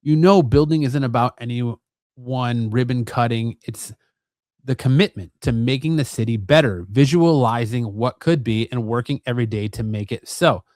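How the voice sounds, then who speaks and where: A man voicing a calm, wise father giving earnest advice to his grown son. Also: medium pitch, moderate pace, no echo, clean studio sound, natural voice.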